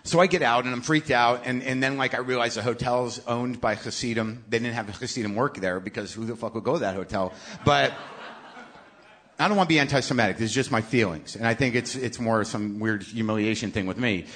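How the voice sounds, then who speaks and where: A middle-aged man hosting a live podcast, telling a profane, exasperated comic story in sudden loud bursts. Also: medium pitch, fairly quick. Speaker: podcast host. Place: live stage show. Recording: live venue with faint noise.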